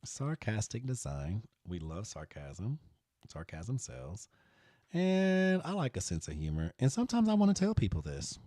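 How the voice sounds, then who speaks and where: Sassy, animated man teaching design. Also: fairly low pitch, a little slow, no echo, studio quality. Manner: playful, sassy, talks to viewers as y'all. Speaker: design tutorial host. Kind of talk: live design tutorial.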